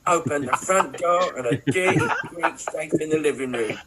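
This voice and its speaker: A man's voice: fairly high pitch, normal speed, crowd noise, voice pushed up, natural voice. A man putting on a shady London pub crook. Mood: conspiratorial.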